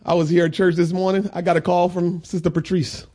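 A man preaching a sermon in a church, swinging between shouted preaching and quiet talk. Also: high voice, level tone, fairly quick. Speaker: pastor. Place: church sanctuary.

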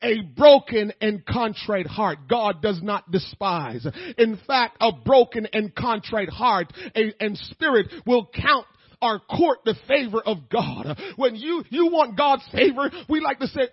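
A male pastor preaching a sermon, moving between quiet talk and shouted, tearful appeals, with many "uh" fillers. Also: extremely high pitch, animated, husky, no room sound, muffled recording. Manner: fills pauses with "uh".

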